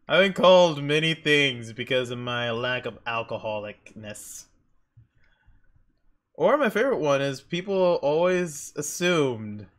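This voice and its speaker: A young man with a slightly bright voice tells rambling stories while drawing on a stream, leaping into high, squeaky voices for emphasis.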